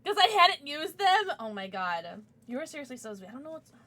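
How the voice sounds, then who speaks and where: Bubbly, high-voiced young woman streamer. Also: sing-song, pushed and bright. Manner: bubbly, gushing, quick swings to squeals and mumbles. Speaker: livestreamer. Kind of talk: casual chat.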